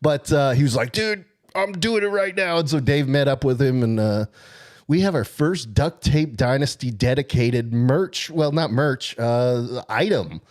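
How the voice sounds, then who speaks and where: A man co-hosting a casual sports podcast, telling a long story in an excited, rambling way. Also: mid-range voice, a little slow. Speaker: podcast co-host.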